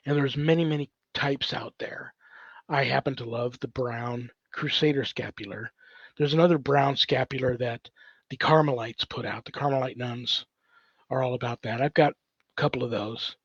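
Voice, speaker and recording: A man's voice: medium pitch, steady tone, moderate pace, breathy edge, no echo, muffled recording. A man, a priest hosting his own show, answers viewer questions at home in a casual, rambling way full of fillers. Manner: rambling, filler-heavy, thinking aloud. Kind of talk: casual livestream Q&A.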